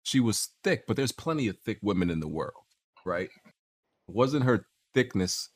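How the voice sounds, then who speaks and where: Young male podcast host, low voice, swings up and down a lot, slangy, repeats himself, casual storyteller. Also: very animated, measured pace, slightly rough. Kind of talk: casual gaming podcast chat.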